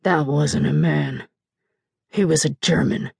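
A woman voicing a drunk, grim middle-aged farm father with a slurred, gravelly voice. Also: low-pitched, steady tone, slow, a little mellow, dry recording, clean studio sound, pitched below the performer's own voice, exaggerated voice.

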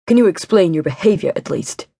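A woman doing a flat, stern man. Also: fairly low pitch, a little fast, creaky, slightly rough, no echo, studio quality, full character voice. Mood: reproachful. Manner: flat, clipped and reproachful. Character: weary, stern man confronting his partner.

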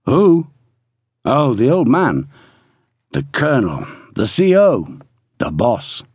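A man's voice: medium pitch, huge pitch swings, slow, a little mellow, slightly rough, dry recording, clean studio sound, full character voice. A male narrator voicing a breezy, teasing young British army soldier in an audiobook. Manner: breezy, joking.

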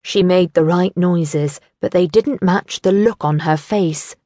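Slow, measured woman narrator. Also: lowish voice, warm tone, no room sound, clean studio sound. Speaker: audiobook narrator. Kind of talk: first-person audiobook narration. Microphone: studio microphone.

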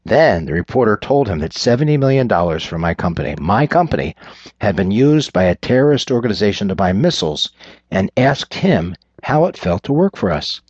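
A man's voice: lowish voice, very animated, a little fast, a little mellow, breathy edge, dry recording. A man voicing a furious wealthy father who blusters and swears at his daughter. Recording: dull lo-fi recording.

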